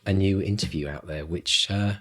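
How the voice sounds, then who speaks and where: Male podcast co-host, middle-aged, excitable, rallying the listeners. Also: sits low, normal speed. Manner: enthusiastic, gets louder and louder. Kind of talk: casual podcast chat.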